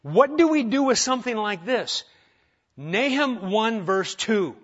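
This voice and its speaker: Man preaching with lively questions, lo-fi. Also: sits high, unhurried. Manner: conversational preaching with rhetorical questions and asides. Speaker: pastor. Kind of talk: sermon.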